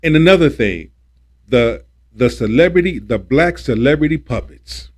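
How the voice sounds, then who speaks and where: With a mid-range, slightly mellow voice, a livestreamer goes off on politics at normal speed, sounding expressive. He preaches, repeats himself emphatically and lets swear words fly when agitated.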